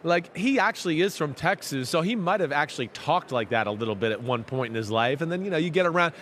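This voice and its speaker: A man from New Jersey co-hosts a casual sports talk show, pausing and restarting as he thinks out loud. His voice is slightly high. Faint noise sits behind him. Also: animated. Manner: halting, full of fillers and restarts.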